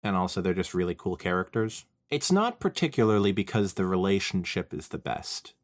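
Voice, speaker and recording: A man co-hosting a podcast, chatting casually in an animated, rambling way. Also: low voice, fairly quick. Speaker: podcast co-host. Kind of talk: casual chat.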